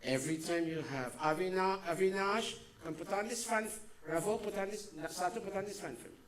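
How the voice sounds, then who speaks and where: In a high voice, a man preaching a devotional sermon as a spiritual teacher swings from loud exhortation to soft, slow murmuring.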